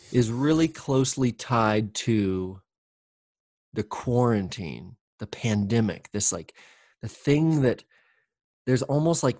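This man's voice sits on the low side and sounds a little mellow, captured in a dry, studio-quality recording. He's chatting reflectively and candidly, wandering from point to point, often restarting, using fillers, and swearing offhandedly.

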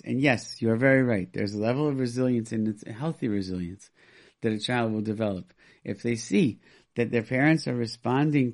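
A man hosting a call-in radio advice show, speaking emphatically and acting out what parents say. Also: medium pitch. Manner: emphatic, acts out quoted parents.

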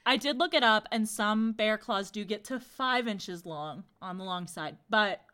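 A woman's voice: mid-range voice, unhurried, pushed and bright, smooth. A young woman co-hosting a casual podcast, wryly skeptical and picking apart the details. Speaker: podcast co-host. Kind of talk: casual chat.

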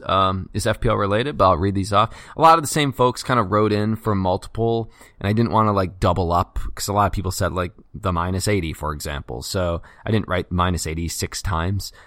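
Male podcast co-host, lowish voice, casual and joking, dry close mic. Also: a bit bright, dry recording. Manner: loose, joking, reads listener write-ins quickly.

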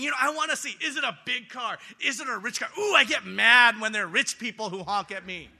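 A man preaching a sermon in a church, animated and conversational, swinging between loud excitement and quiet earnest talk. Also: very high-pitched, a little fast, creaky, hardly any pauses. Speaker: pastor. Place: church sanctuary.

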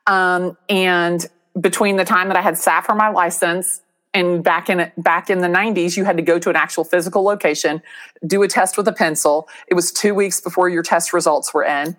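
Animated middle-aged woman telling stories. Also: on the low side, moderate pace. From Atlanta, USA. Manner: animated, acts out quoted voices, laughs often. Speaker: real estate agent, guest. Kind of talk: casual interview storytelling.

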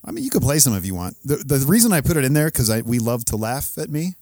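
A man's voice: mid-range voice, big pitch swings, quick pace, a little mellow, no echo. Dry, candid man chatting on a podcast. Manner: candid, self-deprecating, rambling with restarts. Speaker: podcast co-host. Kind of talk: casual chat.

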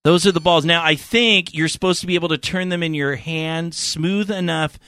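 A man's voice: on the high side, steady tone, moderate pace, sharp tone, clean tone, no echo. A man hosting a podcast in loose, crude banter with his co-hosts, teasing them often. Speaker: podcast host.

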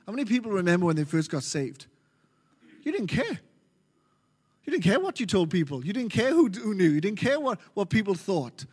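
An Australian man preaching a sermon as pastor, animated and joking with his congregation. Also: high voice, slightly rough. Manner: animated, jokey preaching with quick asides. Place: large church hall. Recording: reverberant church hall.

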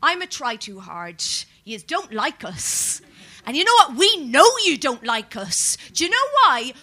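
An Irish woman doing a stand-up set on stage, quick and mocking, with sudden loud jumps. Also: sits high, sing-song. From Ireland. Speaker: stand-up comedian. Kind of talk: stand-up routine. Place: comedy stage with live audience.

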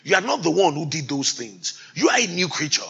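A man preaching a sermon, quoting scripture and rising to loud, emphatic exhortation. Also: on the high side, sing-song, fairly quick, creaky, breathy edge, lo-fi sound.

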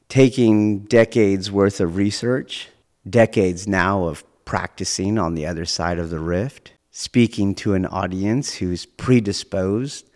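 A man hosting his own podcast as a martial arts teacher, speaking in a deliberate, academic way and often rephrasing himself as he goes. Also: sits low, a little mellow, big-room sound. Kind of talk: measured monologue.

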